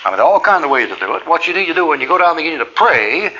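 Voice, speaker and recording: A man's voice: on the high side, sing-song, rapid-fire, bright, forceful tone, lo-fi sound. A man preaching a sermon, telling a personal story in a folksy way and acting out both sides of each conversation.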